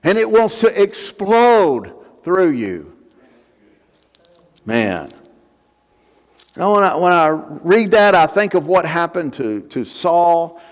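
A male pastor preaching with fervor, his high voice swooping up and down as he leans on repeated phrases. He talks slowly, and every line rings out in a long church-hall echo. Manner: fervent, emphatic, repeating phrases. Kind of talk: sermon. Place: church sanctuary.

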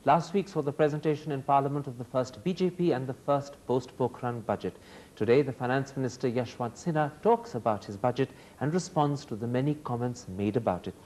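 Indian-accented male host, smooth and probing, warm mid-range tone. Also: medium pitch, fairly quick. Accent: Indian English. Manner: probing, polished, articulate questions. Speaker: TV interviewer host. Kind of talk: formal TV interview.

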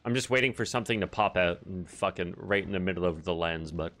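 This horror-game streamer speaks fast in a low-pitched, slightly bright voice, swearing and joking as he addresses his chat. The casual commentary comes through a desk mic with a little hiss or hum.

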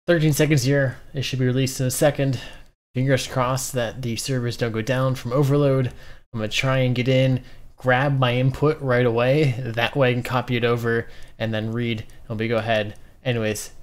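Relaxed man thinking aloud while coding. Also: mid-range voice, moderate pace. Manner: relaxed, many ums and uhs, thinks aloud. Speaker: coding streamer. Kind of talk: casual coding walkthrough.

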